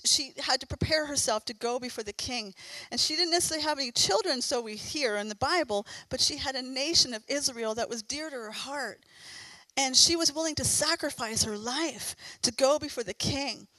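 A woman's voice: high voice, bright, forceful tone, dry recording, rough recording. A middle-aged woman preaching a sermon in an earnest, encouraging and fervent way.

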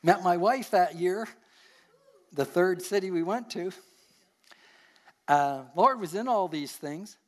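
A man's voice: high voice, slow pace, pauses often. An older man with a Canadian accent, a pastor preaching a sermon and telling stories from his life in an earnest way, chuckling at himself now and then.

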